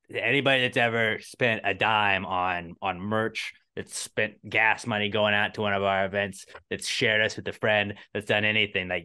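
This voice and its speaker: Young male co-host, casual and profane, lowish pitch, bright and clean. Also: smooth. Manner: laid-back, profane, heartfelt. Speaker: podcast co-host. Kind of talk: casual podcast chat.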